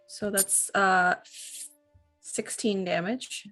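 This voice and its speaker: A woman at the table in a tabletop role-playing game, talking her turn through with plenty of ums and pauses. Her voice sits at a middle pitch, with faint music playing in the background. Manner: hesitant, many fillers while checking rules. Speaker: player.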